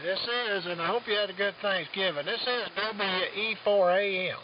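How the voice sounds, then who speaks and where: A man's voice: high-pitched, moderate pace. Earnest man running a radio net. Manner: rambling and earnest. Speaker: net control operator. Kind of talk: ham radio chat. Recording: lo-fi radio audio with faint hiss.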